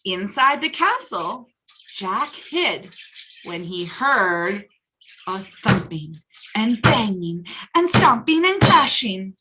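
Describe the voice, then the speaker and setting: A woman's voice: mid-range voice, takes it slowly, slight background noise, rough recording. A woman hosting a children's storytime, reading a picture book aloud and asking the kids questions as she goes. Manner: animated, asks the children questions.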